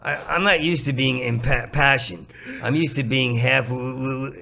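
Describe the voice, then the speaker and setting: Man with a heavy stutter, bright gravelly voice, loose podcast banter. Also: mid-range voice, steady tone, moderate pace. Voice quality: stutters heavily. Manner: rambling, joking, bursts of laughter. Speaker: comedian guest. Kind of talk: casual podcast chat.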